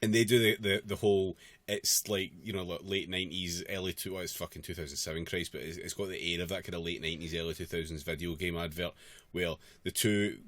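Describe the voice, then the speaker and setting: A man's voice: sits low, steady tone, quick pace, few pauses, a bit bright, dry recording. A man on a podcast, ranting sarcastically and swearing in casual chat. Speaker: podcast co-host.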